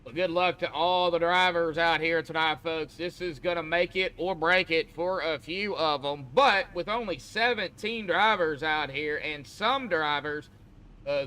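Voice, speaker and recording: A man's voice: fairly high pitch, sharp tone, a little hiss or hum. A man commenting on an online sim race as host, chatty and folksy, talking to drivers like buddies. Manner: chatty, folksy, calls people buddy. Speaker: race broadcaster.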